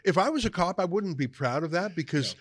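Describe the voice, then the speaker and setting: A man's voice: on the high side, expressive, brisk, slightly rough, no echo, studio quality. A male host giving emphatic, combative commentary while interviewing a guest, chuckling at times.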